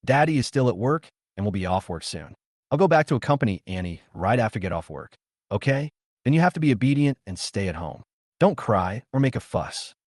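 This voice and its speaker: A man's voice: medium pitch, big pitch swings, a little fast, darkish tone, dry recording, clean studio sound. A man voicing a bitter, resentful young street vendor. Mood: gentle.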